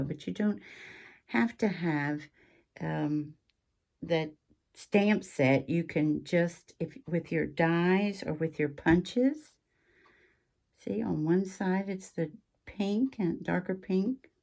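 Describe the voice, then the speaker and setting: Woman host, low mellow voice, chatty craft walkthrough with ums. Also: takes it slowly, gravelly. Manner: chatty, rambling, with frequent ums and asides. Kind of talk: casual craft show-and-tell chat.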